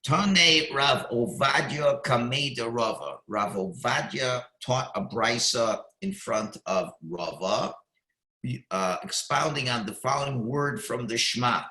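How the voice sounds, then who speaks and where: Slow, bright-voiced man teaching Talmud. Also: mid-range voice. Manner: measured, pauses to read Hebrew phrases slowly. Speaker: rabbi teaching Talmud class. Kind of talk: explanatory Talmud lesson. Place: synagogue class room. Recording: echoey room.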